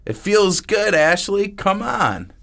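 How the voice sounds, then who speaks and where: Man voicing a frightened young woman, very high pitch, lively swings. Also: takes it slowly, gravelly, exaggerated voice. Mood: teasing. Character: young woman, scared and tearful.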